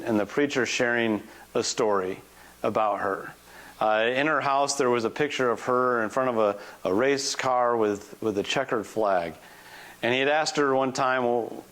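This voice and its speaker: A man in his forties, a guest preacher telling a personal story in a conversational, animated sermon. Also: medium pitch. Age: 40s.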